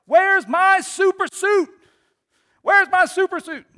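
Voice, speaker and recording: A man voicing a panicked male superhero, shouting shrilly for his missing suit. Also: very high voice, normal speed, pitched above the performer's own voice. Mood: frantic.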